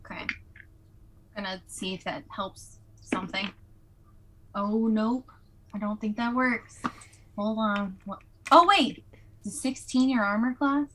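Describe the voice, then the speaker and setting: A woman playing in a live tabletop game, animated and asking rules questions. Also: mid-range voice, a little slow, long pauses, a little hiss or hum, rough recording. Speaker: player.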